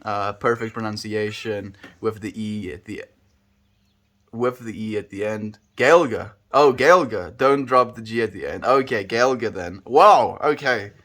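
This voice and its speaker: A man with a South African accent, chatting casually with viewers on a livestream from home, relaxed and playful with how words sound. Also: lowish voice, a little slow.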